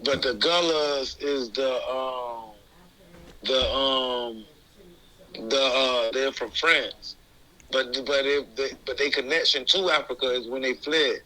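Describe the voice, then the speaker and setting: Man with a sharp, piercing voice. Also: medium pitch, fairly even intonation, slow, poor audio. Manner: loose and rambling, many restarts and fillers, street slang. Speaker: interview guest. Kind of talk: casual conversation.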